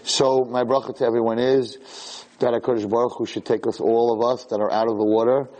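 A man, a rabbi, giving a Torah class sermon with animated stories and rhetorical questions. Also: mid-range voice, fairly quick.

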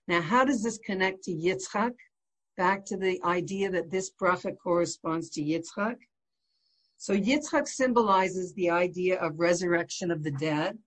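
A middle-aged woman teaches a lesson on prayer in an easy, conversational way. She explains patiently and works Hebrew and Yiddish terms into her talk, with a voice of ordinary pitch for a woman. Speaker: Torah teacher.

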